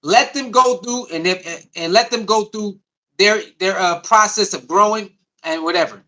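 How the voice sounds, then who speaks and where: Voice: medium pitch, moderate pace, sharp tone. A sports commentary host, reacting to clips and chat in a loose, repetitive way.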